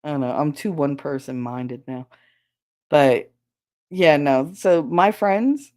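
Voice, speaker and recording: A woman hosting a podcast and chatting casually. She tells stories in a low voice, swears freely and slips into the voices of people she quotes. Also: slow, pauses often, darkish tone. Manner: candid and profane, acts out quoted lines. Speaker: podcast host. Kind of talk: casual storytelling chat.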